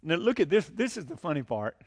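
A male pastor preaches with a high voice that swings widely up and down. He presses his points with rhetorical questions and short chuckles, and his delivery stays animated throughout the sermon. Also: a little fast.

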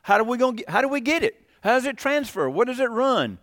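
A man's voice: extremely high pitch, big pitch swings, fast, a bit bright, no echo. A middle-aged man teaching a casual Bible class in a folksy, rambling way and putting questions to the class.

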